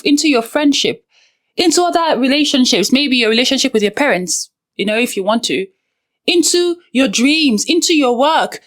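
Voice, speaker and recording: A young woman with a high voice talks straight to the viewer, coaching them through painful feelings. She is earnest and direct, with frank personal asides woven into her advice. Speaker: self-help video host. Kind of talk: direct-to-camera advice talk.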